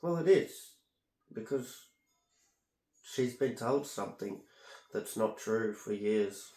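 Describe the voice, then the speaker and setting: A man's voice: lowish voice, lively intonation, slow pace, mellow. A man rambling on in a casual, aggrieved monologue while doing a home treatment. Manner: aggrieved, meandering, talks while ear candling. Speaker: vlogger. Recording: echoey room.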